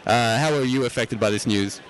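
A man's voice: mid-range voice, a little fast, soft background music, rough recording. An Australian man hosting comedic interviews at a convention, asking absurd questions with a mock-earnest manner. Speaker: host, roving interviewer. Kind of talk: comedic vox-pop interviews. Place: outdoor convention.

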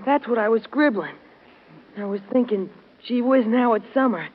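An actor playing a sheepish, cheeky schoolboy in an old radio play, who talks in slang and mimics quacking. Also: male voice, very high voice, animated, normal speed, phone-quality sound. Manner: colloquial slang, mocking quacks. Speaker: schoolboy pupil.

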